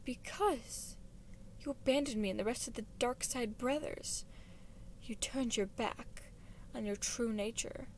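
A woman's voice: fairly high pitch, a little slow, darkish tone, slight background noise. A woman reading a fan story aloud and voicing a sneering, lying male villain who speaks in mock sympathy. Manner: mocking, sneering.

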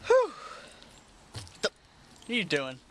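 A man's voice: high voice, huge pitch swings, slow. A man chatting in an easygoing, agreeable way while setting up outdoors. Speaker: crew member. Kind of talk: casual banter. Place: outdoors near a pond. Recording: noisy outdoor camera audio.

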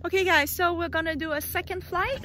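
A woman's voice: very high-pitched, steady tone, brisk, background noise. A woman vlogging outdoors while flying her pet parrots, talking casually to viewers and cooing soothingly at the birds. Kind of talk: casual vlog chat.

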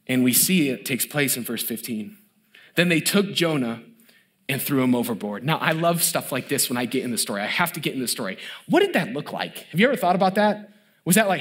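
A middle-aged man preaching a sermon as pastor, who acts out the story's characters in a lively way and turns soft and hushed when he stresses mercy. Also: medium pitch, quick pace. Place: church.

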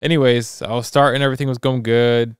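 A young man co-hosting a podcast, telling a story in a loose, rambling, animated way. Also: medium pitch, quick pace, clean tone, dry recording, studio quality. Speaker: podcast co-host. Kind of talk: casual chat.

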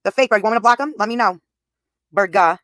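A woman in her thirties talking to her live chat, blunt and profane, answering comments as they come in. Her voice sits at an ordinary middle pitch for a woman. The sound is close and dry, with no room echo. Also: fast talker, fairly bright tone. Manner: blunt and profane, addressing viewers' comments directly. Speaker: livestreamer. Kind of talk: live stream talk to chat.

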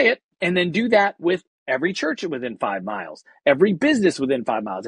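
A man's voice: a little high, fairly quick, breathy edge. A man who is an actor and comedian, telling a story animatedly in casual, slangy talk as a podcast guest. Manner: energetic, acts out quoted voices.

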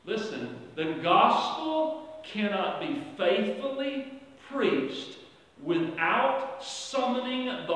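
High-voiced preacher in an echoing hall. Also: male voice. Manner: preaching with strong swings from quiet to loud, drawn-out emphatic phrases. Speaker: pastor. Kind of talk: sermon. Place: church sanctuary. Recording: echoey church hall from far off.

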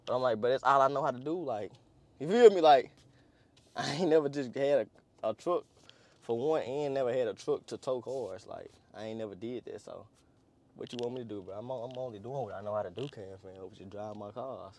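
A man's voice: medium pitch, normal speed, warm tone. A young man, chatting casually and laughing as he shows off a pickup truck outdoors. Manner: slangy, rambling, laughs often. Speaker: car vlogger. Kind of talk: casual vlog walkaround.

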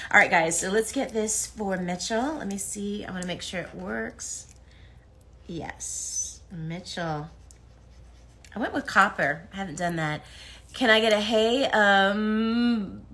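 A woman's voice: lowish voice, a bit bright. A woman chatting casually on a livestream as she signs autographs, reading fan comments aloud and laughing often. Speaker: voice actress signing autographs on a livestream. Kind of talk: casual live chat while signing.

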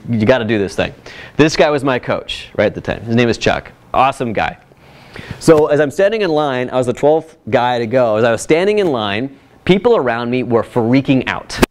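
A man presenting at a workshop, telling a personal story in a casual, animated way with frequent asides to the audience. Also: fairly high pitch. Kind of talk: casual workshop talk with slides.

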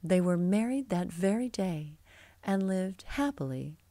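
A woman narrating a children's storybook in an expressive, lively way. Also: on the low side, unhurried, no echo, clean studio sound.

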